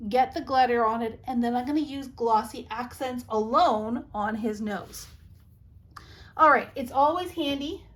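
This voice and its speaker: Chatty woman demonstrating a card craft. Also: high-pitched. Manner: chatty and reassuring, giving practical tips. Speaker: craft tutorial host.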